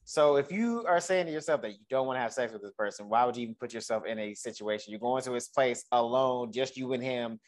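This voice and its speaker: A man co-hosting a casual chat about a TV episode, animated, laughing often and swearing freely. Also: medium pitch, fast, few pauses. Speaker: podcast co-host.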